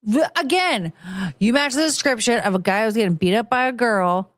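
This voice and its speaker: A woman's voice: fairly high pitch, animated, moderate pace, no echo, clean studio sound. Exasperated woman reacting to a video. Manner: exasperated, incredulous. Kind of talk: reaction commentary.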